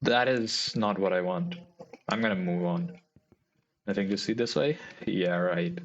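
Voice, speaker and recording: Gaming streamer, man, lowish voice, slightly muffled sound, faint music behind, playful reads. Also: measured pace, slight background noise. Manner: playful, reading aloud with dramatic emphasis. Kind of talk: gameplay commentary and reading game text.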